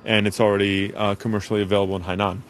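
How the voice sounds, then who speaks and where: Man, forties, from the States, interview guest; lively, acts out quoted voices, somewhat low register. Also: rapid-fire, a little hiss or hum. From United States. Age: 40s. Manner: animated, acts out other people's voices in quotes. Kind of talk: radio interview conversation.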